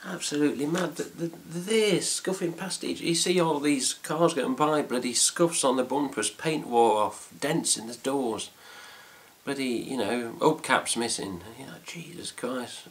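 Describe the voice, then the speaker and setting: A man's voice: mid-range voice, a little slow, slight background noise. A man with an English accent chatting casually to camera about a trip, rambling with fillers and mild swearing. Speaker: fan site vlogger. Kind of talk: casual chat.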